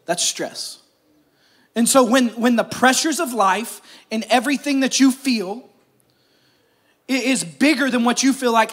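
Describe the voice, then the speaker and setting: A man's voice: very high voice, measured pace, long pauses, fairly bright tone. A man, preaching a conversational sermon to his church and calling out to the crowd. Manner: conversational preaching with crowd call-outs and jokes. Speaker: pastor. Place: church service.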